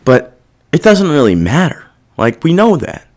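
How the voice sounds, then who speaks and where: A young man sits with the mic and rambles through his own emotions, cursing freely and circling back on himself. His pitch swings up and down a lot as he talks, lively rather than flat. It comes across as a casual, self-reflective confessional. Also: measured pace. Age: young adult. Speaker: podcast host.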